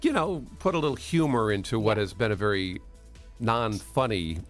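A man's voice: fairly low pitch, sing-song, fairly quick, faint music behind. A middle-aged man, co-hosting a radio show and telling stories in a rambling way with lots of fillers. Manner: chatty, rambling storyteller with many fillers. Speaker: radio co-host. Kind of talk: casual radio chat.

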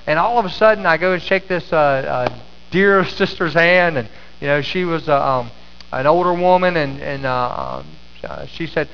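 A man's voice: fairly high pitch, animated, moderate pace, slight background noise. A middle-aged man preaching a sermon as pastor, telling a story with many restarts and fillers in a church sanctuary. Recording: echoey sanctuary, slightly dull sound.

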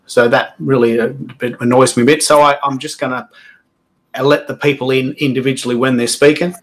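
A man's voice: mid-range voice, steady tone, fairly quick, fairly bright tone, poor audio. A man hosting a casual online panel over a video call, chatty and self-deprecating, restarting his sentences often. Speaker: livestream host.

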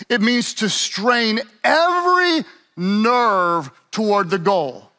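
A middle-aged male pastor preaching in a bright, ringing voice that sits high for a man. He leans hard on repeated phrases and slips into quick, mumbling asides when acting out a story. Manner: emphatic, repeats key phrases, acts out lazy runner in mumbled voice. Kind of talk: sermon.

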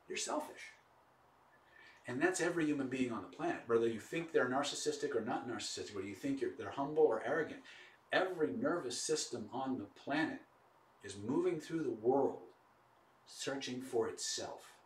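Animated male presenter in a roomy space. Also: mid-range voice, a little hiss or hum. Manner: animated storyteller with frequent restarts and "okay?" check-ins. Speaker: webinar presenter. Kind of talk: persuasion webinar storytelling. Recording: roomy echo, distant mic.

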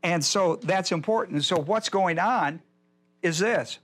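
A man's voice: sits high, slow pace, fairly bright tone. An older man teaching a Bible study as pastor, folksy and digressive, often repeating himself. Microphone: whiteboard lecture in a church.

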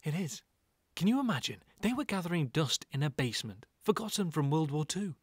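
A man's voice: fairly high pitch, big pitch swings, brisk, slightly rough, no echo, studio quality. A man voicing a proud gallery owner. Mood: proud, warm.

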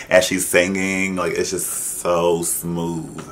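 A man giving casual reaction commentary, animated and exclaiming, mimicking voices as he talks. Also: sits low, slow, hardly any pauses, slight background noise. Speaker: drag reaction vlogger.

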